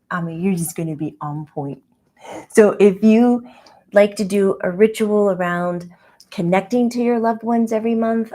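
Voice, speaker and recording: A woman's voice: mid-range voice, darkish tone, close to an everyday voice. A woman channeling a playful, childlike spirit guide who speaks in a chatty, rambling way with frequent giggles and fillers.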